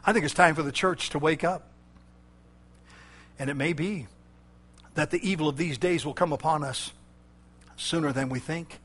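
Impassioned preacher man, shouting to hushed. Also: normal speed, long pauses. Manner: impassioned, swinging from loud shouting to low intense tones; repetitive emphatic cadence. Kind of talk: sermon.

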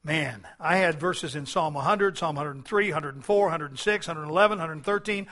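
A man preaching a sermon with a somewhat high voice. He talks earnestly, building to loud stretches and then sinking back to a soft, low delivery. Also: a little fast, few pauses. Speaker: pastor.

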